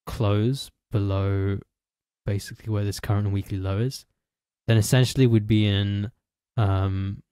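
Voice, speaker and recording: A man co-hosting a podcast, explaining things in a hesitant, halting way in casual chat. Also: lowish voice, dark tone, no echo. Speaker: podcast co-host.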